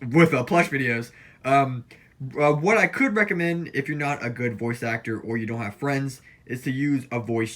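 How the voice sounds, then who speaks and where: A young man talks straight into his phone camera in a loose, casual tutorial, his voice sitting at an ordinary middle pitch. He rambles and keeps circling back with fillers and restarts as he passes on tips. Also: fairly bright tone. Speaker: plush video creator giving channel tips.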